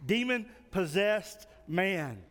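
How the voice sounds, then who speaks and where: A man with a high voice preaches in a big church whose sound rings on with long reverb. He tells his stories vividly and acts out the people in them, pausing in short phrases for an interpreter. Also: big pitch swings, fairly bright tone. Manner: storytelling, acts out dialogue. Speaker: pastor. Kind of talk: sermon with an interpreter. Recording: long reverb in a large hall.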